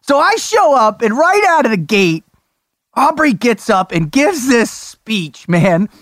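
Fired-up high-voiced male podcast host. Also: sing-song, slow pace, no room sound, studio quality. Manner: hyped, loud, laughing often, swearing. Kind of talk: energetic podcast conversation.

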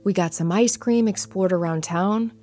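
Woman voicing a wife and mother in a storybook, gentle and reassuring, talking softly to calm her husband down. Her voice sits at an average pitch for a woman, with faint music underneath. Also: moderate pace, close to an everyday voice. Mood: soothing. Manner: soothing, reassuring.

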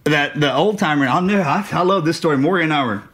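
A man co-hosting a podcast, telling animated anecdotes in casual chat and acting out the voices of the people in them. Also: a little high, fast talker. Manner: animated anecdotes, laughs often, acts out quoted voices. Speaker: podcast co-host.

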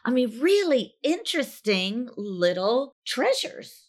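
A woman's voice: fairly high pitch, very animated, slow. A woman co-hosting a casual podcast chat, talking easily and reading ad copy in an upbeat way. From United States. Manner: chatty, reads ad copy in a bright upbeat way. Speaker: podcast co-host.

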